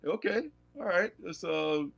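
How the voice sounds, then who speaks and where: A man hosting a casual comics livestream, animated and laughing, reading blurbs aloud. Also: sits high, measured pace, gravelly. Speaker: host.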